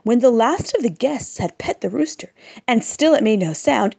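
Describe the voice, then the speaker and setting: A woman reads a children's story aloud with drama and expression. Her pitch moves a great deal, rising and falling. Her voice sits somewhat high. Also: lively intonation, moderate pace, gravelly, a little mellow, breathy edge.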